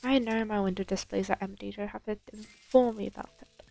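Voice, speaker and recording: A woman's voice: medium pitch, steady tone, quick pace, gravelly, dark tone, a little hiss or hum. A young woman giving casual commentary while playing a bakery game, chatting to herself and to the customers in the game. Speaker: gaming channel host.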